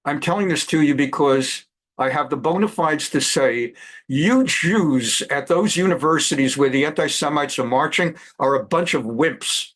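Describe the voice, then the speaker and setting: A man's voice: fairly high pitch, moderate pace, fairly bright tone. A man in his seventies, a rabbi and law professor, giving an impassioned address in a scolding, emphatic tone full of rhetorical questions. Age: 70s. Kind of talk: impassioned direct-to-camera address.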